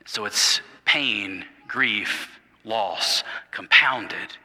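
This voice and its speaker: A man preaching a sermon as pastor, telling the story dramatically, dropping to hushed tones and repeating words as he goes. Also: fairly low pitch, drawn-out words. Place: church sanctuary. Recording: reverberant church hall.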